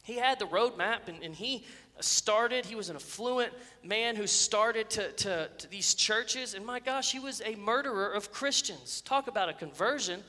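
A man's voice: high-pitched, expressive, normal speed, sharp tone. A man, a pastor preaching an earnest, passionate sermon with emphatic builds. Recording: echoey church sanctuary.

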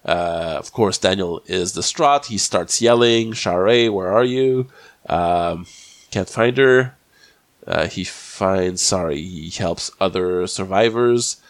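A man's voice: low-pitched, no echo. A podcast host with a slight cold, rambling and restarting as he recaps a TV episode in casual chat. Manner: rambling, halting, many restarts.

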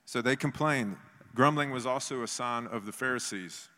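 Pastor guy preaching, lively, acts out bible voices, big echoey gym sound. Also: medium pitch, moderate pace. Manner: animated, acts out biblical voices. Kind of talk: sermon. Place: church meeting in a gym. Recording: long hall reverb.

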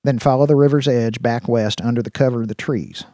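A man's voice: mid-range voice, steady tone, fairly quick, mellow, no echo, natural voice. A folksy, commanding man leading a pack of cyborg dogs, as an actor plays him, with a drawl and a mid-range voice. The voice is recorded dry and close, audiobook style.

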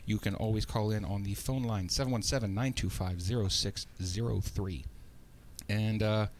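A man's voice: on the low side, normal speed, a little hiss or hum. A man hosting a casual podcast, joking with his co-host and giving listeners call-in details. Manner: relaxed, jokey, reads out call-in details. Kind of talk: casual chat.

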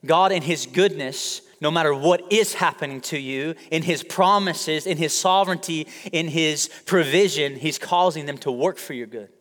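This pastor speaks at a moderate pace with hardly any pauses, his voice on the high side and a bit bright. He jokes and talks conversationally with his congregation, calling out to them, while the sanctuary adds a long hall reverb.

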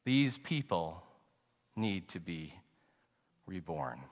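A pastor voicing an indignant older Scottish churchgoer of about fifty-five, who bellows a resounding objection. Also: male voice, big pitch swings, extremely slow, heavily acted. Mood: insistent. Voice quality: booming, resounding shout. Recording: long hall reverb.

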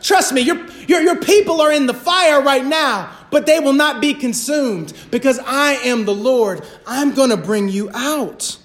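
A man voicing a commanding male God who urges a prophet, with emphatic shouted exhortation. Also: very high voice, echoey room.

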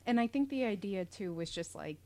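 A woman's voice: mid-range voice, animated, a little fast, darkish tone. A woman from Britain co-hosting a casual podcast, adding short clarifying remarks. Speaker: podcast co-host. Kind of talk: casual chat.

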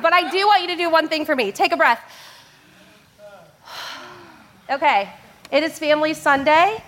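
A high, bright woman speaks from a church stage. She leads a family service in a playful way, laughs often and calls out to the crowd. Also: unhurried, pauses often. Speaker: children's church teacher leading family service. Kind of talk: lively family sermon talk.

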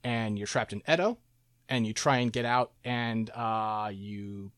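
A man in casual chat, recapping a game's story with lots of fillers, laughs and quick quoted asides. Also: lowish voice, fairly bright tone, clear, resonant tone, dry recording, clean studio sound. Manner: rambling, laughing, quoting characters in quick asides. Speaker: podcast co-host recapping a game.

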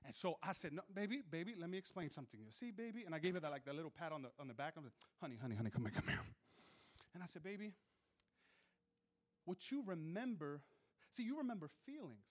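A male pastor preaching a sermon, telling funny stories and joking with the crowd, moving from soft asides to loud shouts. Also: a little high, expressive, quick pace. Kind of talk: sermon with humorous storytelling. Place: church hall with live audience.

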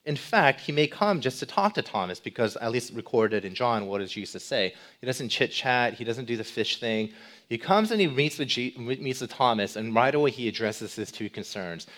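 A male pastor giving a sermon, asking rhetorical questions and moving between loud emphasis and quiet, low passages. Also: moderate pace. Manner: animated, swings between loud emphasis and soft low delivery.

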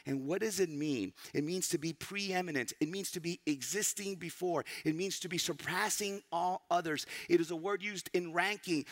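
A man's voice: fairly high pitch, normal speed. A man preaching a teaching sermon who tells listeners what to underline, pressing key words hard and sometimes sinking to a near-whisper. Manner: emphatic, rising to loud stresses and dropping to near-whispers.

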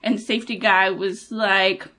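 A woman's voice: mid-range voice, fairly even intonation, moderate pace, pushed and bright. A woman co-hosting a casual chat, telling everyday stories and acting out what people said. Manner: chatty storyteller, quotes people in dialogue. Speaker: podcast co-host.

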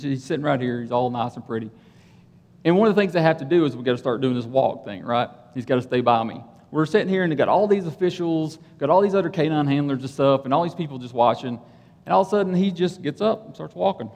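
A man telling a personal story from the pulpit, conversational and animated, often checking in with the audience. His voice sits a little high and swings widely as the story builds. A long reverb from the hall trails his words. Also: fast. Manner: animated, conversational, keeps asking "right?". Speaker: police officer and church speaker. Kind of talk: sermon storytelling.

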